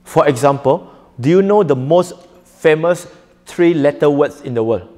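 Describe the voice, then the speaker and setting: A man's voice: fairly high pitch, lively intonation, normal speed, warm tone, in a large hall. A man teaching a live audience in an interactive lecture, joking often and quizzing listeners. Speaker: preacher teaching a workshop.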